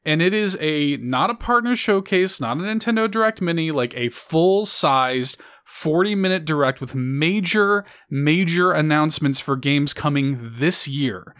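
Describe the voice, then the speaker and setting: Excited man hosting a live stream. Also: fairly high pitch, moderate pace, few pauses. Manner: excited, rambling, self-correcting. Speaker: podcast host. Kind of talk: casual live-stream chat.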